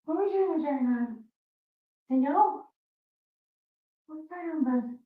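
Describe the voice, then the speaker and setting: A woman's voice: high-pitched, expressive, slow pace, phone-quality sound. A woman vlogging as a pet sitter, talking to dogs in playful baby talk and echoing their howls. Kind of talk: casual vlog chatter to pets. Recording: echoey room.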